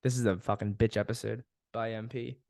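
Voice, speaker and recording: This young man's voice is on the low side, dark and creaky, with a level tone and a slightly fast pace. Hosting a casual solo podcast monologue, he vents frankly, swearing often and laughing at himself. The clean studio recording has no room sound.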